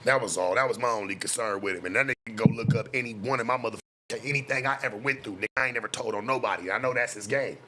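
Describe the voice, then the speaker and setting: Blunt, profane man with a bright, forceful voice. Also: mid-range voice, very fast, hardly any pauses. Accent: American West Coast street. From West Coast of the United States. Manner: blunt, profane street talk, repeats himself for emphasis. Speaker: streamer and self-styled life coach. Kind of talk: casual livestream rant.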